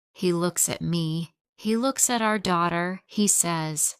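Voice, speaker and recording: A woman reads a graded English story aloud at a very slow, even pace, in a smooth, clear, slightly low voice. The recording is dry and close, with no room sound at all. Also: no room sound. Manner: slow, plain, evenly paced reading. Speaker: narrator.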